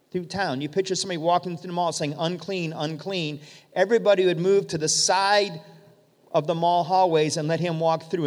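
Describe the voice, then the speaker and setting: A man preaching a sermon, retelling stories vividly and speaking directly to his congregation. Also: high voice. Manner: vivid storytelling, addresses the congregation. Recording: long hall reverb.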